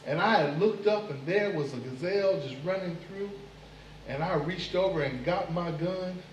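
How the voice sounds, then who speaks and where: A man voicing a boastful male fly spinning a tall tale, lively and bragging. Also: sits high, moderate pace, a little hiss or hum, close to an everyday voice. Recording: echoey room, mic far off.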